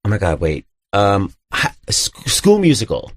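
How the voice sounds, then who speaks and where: A man's voice: on the low side, huge pitch swings, a little slow, dry recording, clean studio sound. A middle-aged man hosting a radio interview, campy and teasing, who keeps slipping into mock voices. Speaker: radio show host. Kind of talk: playful theatrical interview.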